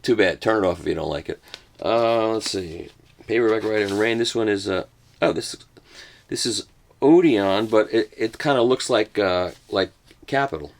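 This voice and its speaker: An older man talks casually as he unboxes a set of records, tossing off jokes at his own expense as he goes. His voice is low and carries a gravelly edge. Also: normal speed. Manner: joking, self-mocking asides. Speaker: host reviewing a record box set.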